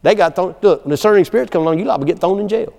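A man's voice: sits high, very fast, gravelly. A man preaching a sermon in a folksy storytelling way, breaking into laughter and calling out "amen". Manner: storytelling, animated, laughing asides, frequent "amen". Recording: long hall reverb.

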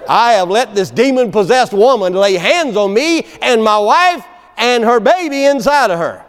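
The recording, drenched in long hall reverb, captures a man with an extremely high pitch preaching at a moderate speed. His sermon unfolds as an animated folksy story, full of laughter and frequent cries of "amen."

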